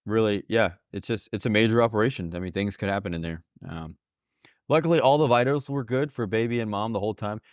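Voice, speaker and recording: A man's voice: on the low side, fast, no room sound. A young man casually telling a personal story on a podcast, earnest and emotional and laughing often. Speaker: podcast host, new father.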